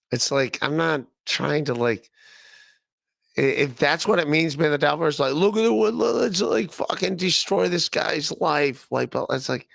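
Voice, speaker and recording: A gravelly man from Ohio in his thirties, talking to his chat on a livestream podcast. His voice has a bright, forceful edge, and his rambling, profane talk keeps breaking into laughter. The sound is dry and close to the mic. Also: medium pitch, no room sound. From Northeast Ohio. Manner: rambling, profane, laughing often, repeating himself. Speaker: podcast host. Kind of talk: casual livestream chat reading chat comments.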